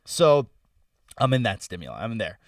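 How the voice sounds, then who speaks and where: A young man casually telling a story on a podcast, loose and animated, with lots of "like" and "bro". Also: lowish voice, moderate pace, no echo, recorded from a distance. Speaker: podcast co-host. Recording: dry sound, set back from the mic.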